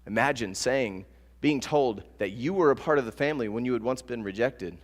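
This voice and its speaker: A man preaching a sermon as pastor, telling stories with lively acted-out quotes. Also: mid-range voice, brisk. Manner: animated storytelling with acted-out quotes. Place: church sanctuary. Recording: long church reverb with soft guitar.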